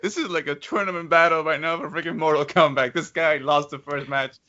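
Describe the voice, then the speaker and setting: A man from Honduras with a fairly high, bright, forceful voice chimes in on a casual podcast. He throws in laughing exclamations, all on muffled lo-fi audio. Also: brisk. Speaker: podcast co-host. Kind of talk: casual chat. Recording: dull lo-fi podcast recording.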